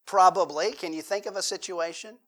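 A man's voice: high-pitched, a little fast, fairly bright tone. A male pastor preaching a sermon in a conversational way, mixing joking asides with questions to the congregation.

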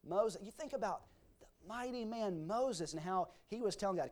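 A man's voice: a little high, normal speed, darkish tone. A man preaching a sermon, reading scripture aloud and explaining it with folksy everyday examples. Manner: reads scripture aloud in King James wording. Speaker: pastor. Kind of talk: expository sermon.

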